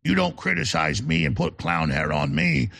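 Mock Australian leader, pompous and whiny, gravelly and lower as a talk host puts him on. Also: male voice, sing-song, normal speed, bright, forceful tone, dry recording, clean studio sound, heavily acted. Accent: Australian, put on.

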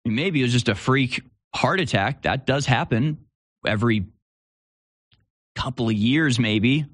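A man's voice: medium pitch, expressive, measured pace, dry recording, clean studio sound. A man hosting a live commentary show, talking in a rambling way with restarts and sarcastic asides. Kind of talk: casual opinion commentary.

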